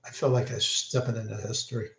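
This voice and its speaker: A man's voice: on the low side, little pitch movement, fast talker, creaky. An older man, rambling through concert memories in a casual monologue, often breaking off mid-sentence. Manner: rambling, self-interrupting, enthusiastic. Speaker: vlogger recalling concerts. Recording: echoey room.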